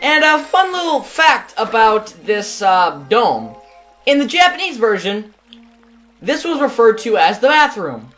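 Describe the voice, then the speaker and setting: A chatty woman hosts a let's play, talking through the game in a casual way and swearing freely. Her voice is fairly high and very lively, rising and falling as she goes. Faint game music runs underneath. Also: unhurried, rough recording.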